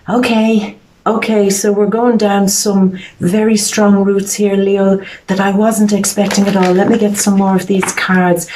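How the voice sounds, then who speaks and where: Earnest woman tarot reader, emotional, repeats herself, mid-pitched voice. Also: little pitch movement, unhurried, darkish tone. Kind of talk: psychic tarot reading monologue.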